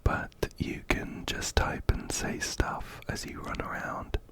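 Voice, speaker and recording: A man whispering gently up close into a binaural mic as an ASMR host chatting through a game. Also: takes it slowly. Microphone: binaural ear-to-ear mic.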